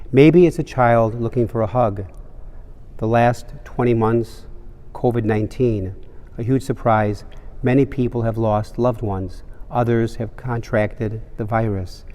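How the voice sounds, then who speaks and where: Priest preaching in a reverberant cathedral. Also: male voice, on the low side, mellow. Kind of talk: homily with a joke.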